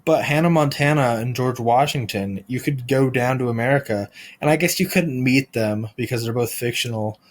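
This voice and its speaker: A man hosting a podcast, delivering a rambling deadpan comic monologue full of restarts and absurd tangents. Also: mid-range voice, normal speed. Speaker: podcast host.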